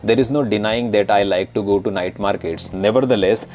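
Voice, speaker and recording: A man with an Indian accent teaching an English lesson and reading a passage aloud, talking quickly and jumping up in pitch on transition words. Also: a little mellow. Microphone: recorded voice-over on screen capture.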